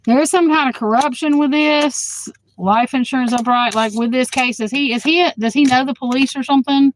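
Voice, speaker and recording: A woman tarot reader chatting casually to her livestream viewers, blunt and outspoken, swearing freely and quick to flare up at the chat. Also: high voice, a little hiss or hum, rough recording.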